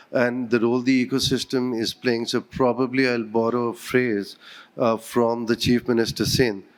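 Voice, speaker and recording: Brief: male panel moderator, mid-pitched, summarizing and passing the floor. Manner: summarizing, hands over to speakers.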